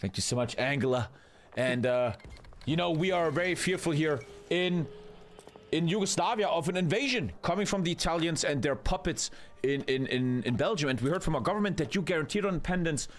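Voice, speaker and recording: A man voicing a pushy, excitable male newspaper journalist, overly formal as he presses his questions in an improvised role-play interview. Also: a little high, fairly quick, close to an everyday voice. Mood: pressing.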